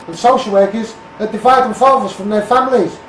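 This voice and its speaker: A high-voiced man with a Scouse accent rants bluntly and repeats himself, calling people out one after another. He sounds set back from the mic in a roomy, echoing space with a faint hum of surroundings behind him. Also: fairly even intonation, fairly quick, fairly bright tone, distant mic. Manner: blunt, repetitive, calls people out by name and asks "mate". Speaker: street campaigner. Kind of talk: ranting political monologue.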